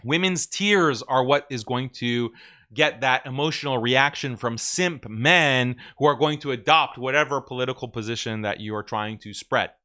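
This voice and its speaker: A male host delivers casual commentary in a sharp, bright voice. He mocks and scoffs as he talks, often chuckling at his own jabs. His pitch sits in the middle range for a man. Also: normal speed. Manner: sarcastic and mocking, with frequent chuckles.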